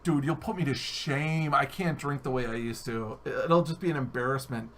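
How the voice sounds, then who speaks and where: An American man hosting a live-stream podcast, animated and jokey, swearing freely. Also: medium pitch, moderate pace, a little hiss or hum. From United States. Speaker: podcast host. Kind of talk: casual live-stream chat.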